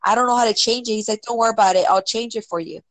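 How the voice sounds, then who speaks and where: A woman casually telling a personal story, filling it with "like" and "right?" and acting out quotes with sudden jumps in pitch. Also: racing, no room sound, poor audio. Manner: filler-heavy, many "like" and "right?".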